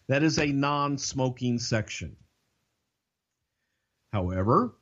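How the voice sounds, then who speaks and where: An older man, co-hosting a podcast and telling a profane, lively backstage story. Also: mid-range voice, lo-fi sound. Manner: profane, animated anecdote telling. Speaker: podcast co-host. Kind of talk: casual storytelling.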